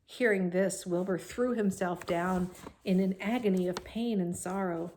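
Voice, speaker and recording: A woman reading a children's novel aloud to young listeners, expressive, with friendly asides. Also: on the low side, a little slow.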